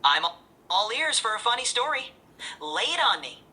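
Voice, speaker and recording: A woman's voice: fairly high pitch, big pitch swings, moderate pace, pushed and bright. A synthetic woman's voice acting as an AI assistant, answering in a cheerful, eager and polished way. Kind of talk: upbeat assistant replies.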